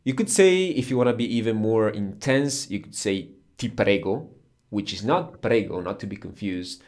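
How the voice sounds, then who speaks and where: A man's voice: fairly low pitch, expressive, moderate pace, darkish tone. A man whose first language is Italian, explaining words patiently in a casual podcast lesson and laughing easily. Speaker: Italian teacher.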